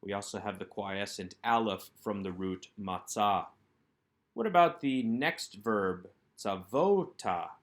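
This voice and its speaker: Low-voiced man teaching methodically. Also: measured pace, a bit bright. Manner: methodical, poses a question then answers it. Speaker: Hebrew instructor. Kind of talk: recorded workbook lecture.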